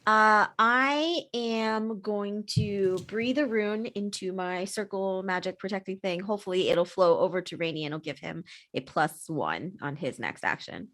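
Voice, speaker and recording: A woman's voice: medium pitch, measured pace, few pauses, a bit bright. Playful woman at game table. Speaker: player. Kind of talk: casual tabletop play.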